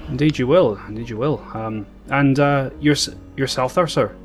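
Male GM voicing a fussy, hospitable motherly woman; fantasy game, she trips over her words, mid-pitched. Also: normal speed, faint music behind, natural voice. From Britain. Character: bustling motherly woman caretaker of two boys.

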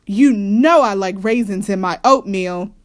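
A woman's voice: mid-range voice, big pitch swings, measured pace, a bit bright, no room sound, clean studio sound. A woman voicing a grouchy, rude young girl bear in a storybook read-aloud, with a whiny, demanding manner.

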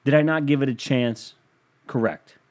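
A man's voice: medium pitch, moderate pace, a little mellow. Rambling, profane young man. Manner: rambling, profane, self-mocking. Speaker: podcast host. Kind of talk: casual podcast monologue.

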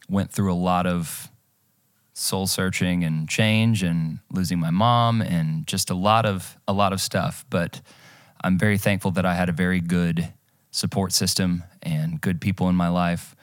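A man's voice: deep voice, no room sound, studio quality. A man hosting a podcast, chatting casually and telling stories in an upbeat way. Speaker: podcast host.

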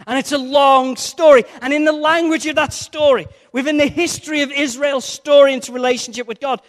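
A man preaching a sermon in a conversational, jokey way, with playful asides to the congregation. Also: extremely high pitch. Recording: long reverb of a large hall.

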